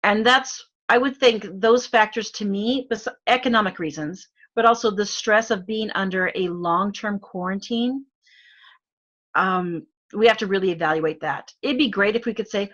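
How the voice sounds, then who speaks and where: A middle-aged woman with an Arizona accent talks in a loose, conversational way, full of fillers and quick laughs. Her voice is bright and forward, and her pitch sits in an ordinary middle range. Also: highs cut off. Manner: chatty, laughs often, many fillers. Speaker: guest. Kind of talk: casual chat.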